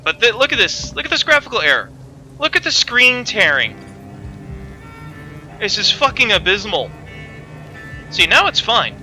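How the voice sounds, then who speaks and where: A man's voice: high voice, pushed and bright, low-quality recording. A man giving casual gameplay commentary, chatty and blunt, swearing freely. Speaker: game streamer.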